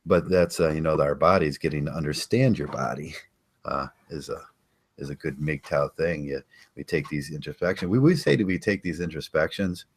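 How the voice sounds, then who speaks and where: Very deep-voiced older man rambling. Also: breathy edge. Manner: rambling, halting, many fillers and restarts. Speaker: podcast host. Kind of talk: casual live-stream chat.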